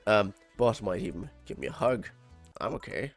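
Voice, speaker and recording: A man's voice: fairly low pitch, expressive, moderate pace, creaky, soft background music. A man with a German accent reading game dialogue aloud on a stream, tripping over words and swearing when annoyed.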